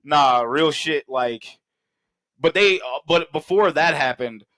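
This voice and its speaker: A man co-hosting a podcast, chatting casually about a movie, swearing freely and acting out scenes in quick put-on voices. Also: fairly high pitch, no echo. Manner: profane, animated, acts out scenes in quick voices. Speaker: podcast co-host. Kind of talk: casual movie review chat.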